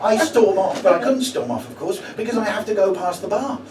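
A man from Brighton, a stand-up comedian telling a story on stage in a chatty way, swearing freely and checking in with "right?". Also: high-pitched, a little fast, distant mic, noisy background. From Brighton, England. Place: comedy stage before a live audience. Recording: roomy live venue taped from afar, loud audience laughter.

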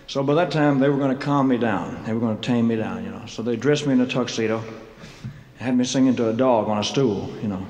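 A man telling rambling, self-mocking stories from a concert stage, laughing between phrases and clearing a frog from his throat. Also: mid-range voice, fast, darkish tone, lo-fi sound. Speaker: singer performing live. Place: large showroom stage. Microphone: stage microphone. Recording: echoey hall live concert recording, faint noise.

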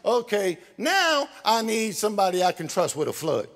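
Male pastor, emphatic shouting sermon, swooping delivery. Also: sits high, big pitch swings, normal speed. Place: church sanctuary. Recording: reverberant church hall.

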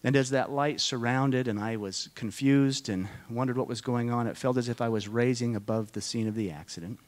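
A middle-aged man speaking to a conference audience, telling a personal story in a slow, halting, deeply emotional way, often dropping to a hush. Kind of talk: personal testimony talk to an audience. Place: conference hall.

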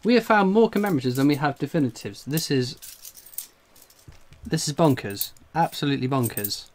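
A man from England streams live about his coin collecting, talking a little fast in a fairly high pitch. He keeps exclaiming and laughing, breathless with excitement.

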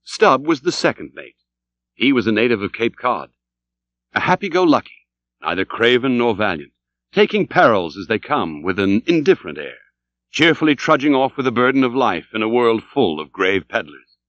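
A man reading a classic novel aloud as audiobook narrator, dramatic and expressive, in a dull, dry recording. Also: mid-range voice, normal speed, dry recording. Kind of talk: scripted literary narration.

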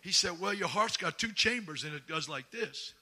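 A middle-aged man preaching a sermon, folksy and humorous, moving from quiet storytelling to shouted exhortation. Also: high-pitched, animated, normal speed.

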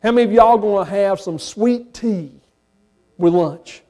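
A man with a Southern accent preaching a sermon as pastor, folksy and at times rising to impassioned shouts. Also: high-pitched, a little slow. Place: church sanctuary.

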